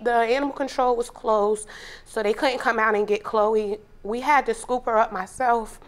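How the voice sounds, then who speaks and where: A woman's voice: on the high side, fairly even intonation, moderate pace. A woman, a plaintiff on a TV court show, telling her story in emotional detail. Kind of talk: testimony in a TV courtroom.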